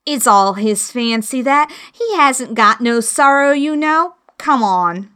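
A woman voicing a male griffin, a rough-spoken, chuckling creature who talks briskly in broken grammar. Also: a little high, lively intonation, bright, forceful tone, voice pushed up, full character voice. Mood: gruffly amused. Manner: brisk, ungrammatical, rough speech.

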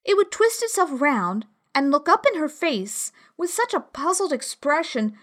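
A woman narrating a storybook in a measured, expressive way. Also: sits high. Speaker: audiobook narrator.

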